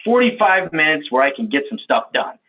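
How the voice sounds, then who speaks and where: Man putting on a hesitant stammering analyst, lower, husky, lo-fi sound. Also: sing-song, a little fast, recorded from a distance. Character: cautious, detail-obsessed early-arriving analyst.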